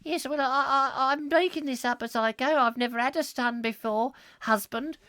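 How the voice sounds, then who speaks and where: A man voicing a fussy, flustered wife in an improvised comic sketch, in a fluttery falsetto that dithers over its words. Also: normal speed, pushed and bright, no echo. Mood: fussing. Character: fussy Victorian-style wife, shrill and flustered.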